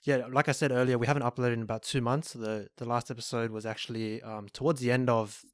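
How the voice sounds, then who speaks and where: A man co-hosting a sports podcast, talking in a measured way with frequent pauses and restarts. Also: medium pitch, steady tone, dry recording, clean studio sound. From Australia. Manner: measured, hesitant, lots of ums and restarts. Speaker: podcast co-host. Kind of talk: casual chat.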